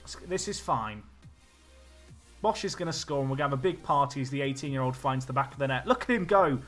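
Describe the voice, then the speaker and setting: A man streaming a football management game, chatting nervously and swinging between low mutters and panicked yelling. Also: animated, fast, faint music behind. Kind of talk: live game commentary.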